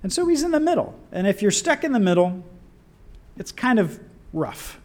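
A man preaching a sermon in an animated, conversational way with wry asides. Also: high voice, moderate pace.

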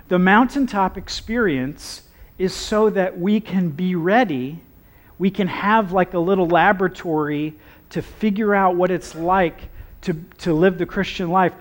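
A man preaching a conversational sermon with humorous asides. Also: high voice.

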